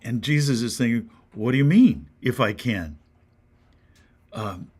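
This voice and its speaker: A man with an American accent, a pastor giving a short devotional sermon, earnest and questioning, sometimes dropping to a soft whisper. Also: mid-range voice, lively intonation, unhurried, breathy edge.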